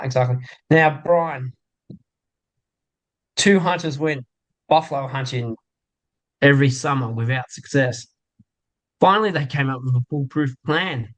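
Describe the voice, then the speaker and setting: A man with an Australian accent co-hosting a sports show, telling a joke and signing off in a steady, measured way. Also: mid-range voice, rough recording. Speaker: co-host.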